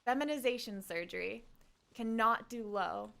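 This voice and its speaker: A woman's voice: on the high side, normal speed, creaky, sharp tone. A woman streaming a game, chatting casually with her viewers and talking to herself as she plays. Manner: hums tunes and quotes game lines. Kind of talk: casual gameplay chat.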